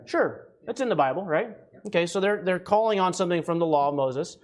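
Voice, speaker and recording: A man's voice: sits high, animated, a little fast. A man from the United States preaching a conversational sermon as a guest, often checking in with the congregation, a bit winded. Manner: conversational, keeps asking "right?".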